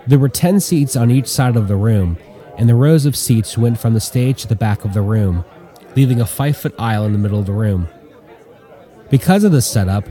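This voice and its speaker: Low mellow guy reading an audiobook, even and measured. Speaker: narrator. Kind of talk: audiobook narration.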